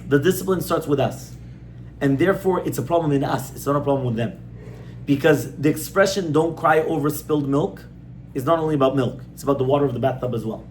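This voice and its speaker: Rabbi teaching a small group; plain conversational delivery, repeats himself for emphasis, faint room noise. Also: male voice, fairly high pitch, fast. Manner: conversational, repeats points, asks audience rhetorical questions. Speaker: rabbi giving a class. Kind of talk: informal Torah class on parenting.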